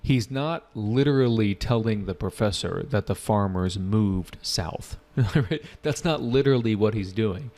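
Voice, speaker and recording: A man's voice: fairly low pitch, measured pace, few pauses, a little mellow. A man teaching a live online test prep class, casual and joking as he walks through questions and answers student chat.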